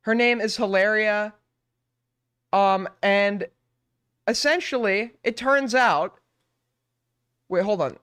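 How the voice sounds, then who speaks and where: A male streamer rants on, incredulous and swearing freely, hammering each point twice. His voice comes through smooth and resonant, dry and close to the mic, with no room around it. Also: high-pitched, slow, long pauses, a bit bright, no room sound. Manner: profane, incredulous, repeats himself. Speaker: streamer host. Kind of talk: ranting commentary.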